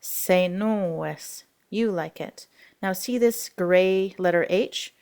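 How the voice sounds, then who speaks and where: A woman's voice: medium pitch, slow, a little mellow, clear, resonant tone. A woman language teacher explaining grammar rules in a recorded lesson, patient and explanatory with frequent fillers.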